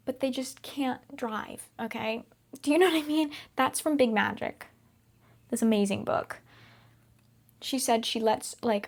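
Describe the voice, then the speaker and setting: A woman's voice: on the high side, a little mellow. Chatty young woman giving self-help talk. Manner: chatty and upbeat, laughs often, drops to whispers. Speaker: podcast host.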